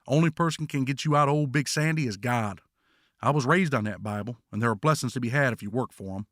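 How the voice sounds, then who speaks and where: A man voicing an older male prison cellmate with a slow, folksy Southern US drawl, gruff and blunt, as an audiobook narration. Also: mid-range voice, a bit bright, no room sound, studio quality, close to an everyday voice.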